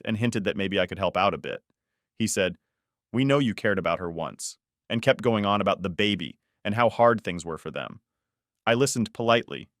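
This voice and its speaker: A man narrating a first-person story in a steady, matter-of-fact way. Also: on the low side, no echo, clean studio sound.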